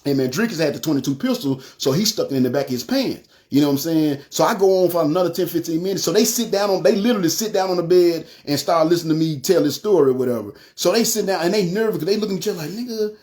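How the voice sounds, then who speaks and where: A man, telling his personal testimony in an animated way, often saying "you know what I'm saying". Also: on the high side, very fast, hardly any pauses. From North Memphis. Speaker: testimony speaker.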